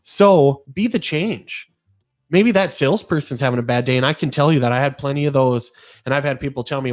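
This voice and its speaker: A man's voice: medium pitch, brisk. A middle-aged man hosting a podcast, talking in an earnest, rambling way and telling stories with animation. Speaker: podcast host. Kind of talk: casual podcast chat.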